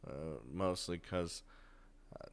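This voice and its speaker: A man's voice: low-pitched, steady tone, takes it slowly. Laughing man narrating a game. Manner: laughing, joking, swearing often. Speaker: let's player. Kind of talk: casual commentary while reading a visual novel.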